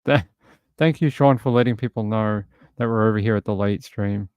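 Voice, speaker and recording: A man's voice: on the low side, moderate pace, darkish tone, clean tone, no echo. A man hosting a late-night live stream, chatting casually and reading viewer comments aloud into a close microphone.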